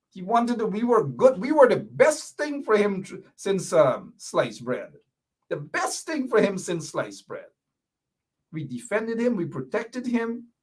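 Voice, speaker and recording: A fiery Guyanese man delivers a political commentary monologue in a high voice that swoops up and down. He speaks indignantly as host and repeats his points with pointed rhetorical questions.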